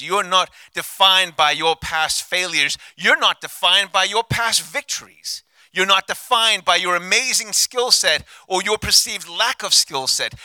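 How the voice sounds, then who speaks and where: A male pastor preaching a sermon on a handheld mic, passionate, swinging from hushed, intimate lines to loud declarations. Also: on the high side, no room sound.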